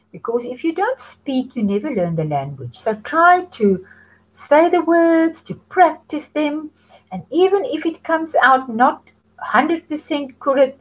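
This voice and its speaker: In a children's French lesson, a woman slowly and patiently models phrases, using sing-song prompts so the kids will repeat after her. Her voice is mid-range and slightly rough, on a rough recording.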